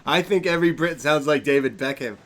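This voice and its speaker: A man's voice: a little high, a little fast, fairly bright tone. A man co-hosting a live podcast stream, chatting casually and joking with frequent laughter. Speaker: podcast co-host.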